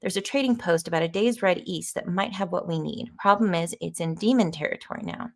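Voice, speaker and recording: Brief: woman reading a backwoods militia leader, conspiracy-minded, gravelly, flat read, no character voice. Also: lowish voice, brisk. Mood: grim. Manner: plain read-aloud delivery, no put-on voice. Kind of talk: reading AI-generated dialogue aloud on a live stream.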